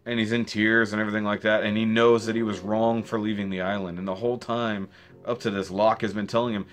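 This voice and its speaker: Excitable rambling man with a lowish voice. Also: quick pace, faint music behind. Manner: rambling and excitable, with restarts and rhetorical questions. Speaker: video reviewer. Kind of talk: casual spoken review.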